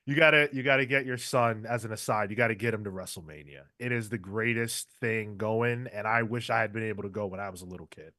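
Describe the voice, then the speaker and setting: A man co-hosting a casual podcast teases his guest and talks with real enthusiasm. His voice has a bright, forward edge. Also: on the low side, fast talker, few pauses. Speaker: podcast co-host. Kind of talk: casual interview chat.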